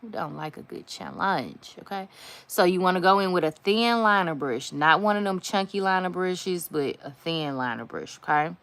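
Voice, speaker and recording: A woman's voice: fairly low pitch, expressive, moderate pace, fairly bright tone. A woman doing a casual nail art tutorial, chatty and slangy, talking straight to her viewers and dropping to a near whisper while she concentrates on the work.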